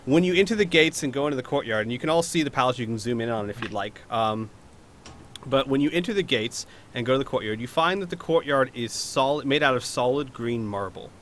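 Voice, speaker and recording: A man's voice: mid-range voice, expressive, fast talker, fairly bright tone. A man narrating a tabletop role-playing game as game master, rambling at times with fillers and restarts.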